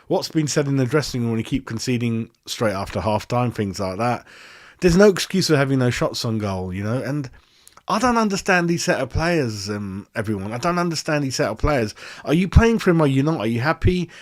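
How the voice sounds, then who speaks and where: A man's voice: mid-range voice, expressive, a little fast. A man hosting a football fan channel, ranting after a match in an exasperated, repetitive way with plenty of swearing. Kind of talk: post-match fan rant.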